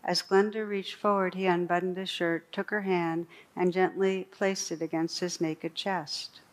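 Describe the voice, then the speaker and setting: A woman meditation teacher giving a dharma talk, reading a true story aloud in a slow, gentle storytelling voice with soft pauses. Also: lowish voice, little pitch movement. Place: meditation hall.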